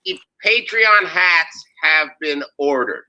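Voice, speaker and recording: Deadpan male co-host, mid-pitch, very bright tone. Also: takes it slowly, dull audio. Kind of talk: casual comedic banter.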